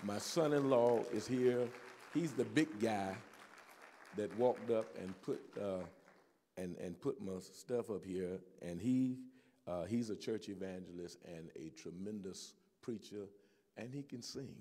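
Older man, church pastor preaching; mellow, dark tone, amen after amen. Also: fairly low pitch, measured pace. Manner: preacherly, peppered with amens and restarts. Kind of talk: sermon. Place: church sanctuary with live audience.

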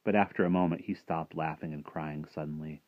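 A man giving an expressive, dramatic story reading that drops to a hush at dark moments. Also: rumbling low, a little fast, no room sound. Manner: expressive, dropping to hushed tones at dark moments. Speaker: reader. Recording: dull lo-fi dry recording.

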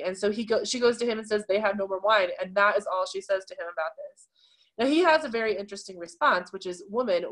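A woman teaching an adult confirmation class, explaining scripture in a relaxed, chatty way with many fillers. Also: medium pitch. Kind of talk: casual teaching talk on scripture.

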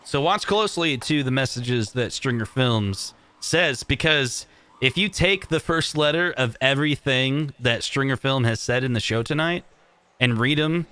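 A man co-hosting a casual live stream, reading viewer questions and doing a joking sponsor pitch. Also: normal speed, sharp tone, clean tone. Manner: upbeat, joking. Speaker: co-host.

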